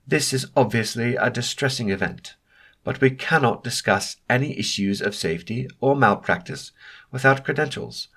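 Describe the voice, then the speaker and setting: A man's voice: medium pitch, moderate pace, a bit bright, husky, voice pushed up. A man voicing a polite but unbending male government official who speaks formally and insists on procedure.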